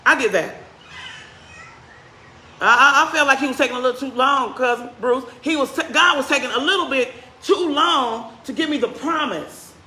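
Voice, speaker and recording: Bright-voiced woman pastor preaching in church. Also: high voice, slight background noise. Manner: conversational preaching, questions to the congregation; animated, speeds up and slows down for emphasis. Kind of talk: sermon. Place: church sanctuary. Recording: roomy church echo.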